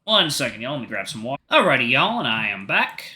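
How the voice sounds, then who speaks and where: Brief: male streamer narrating a visual novel, bright and forward tone, playful commentary. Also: medium pitch, big pitch swings, fast talker. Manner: playful, jokey asides. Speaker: gaming streamer.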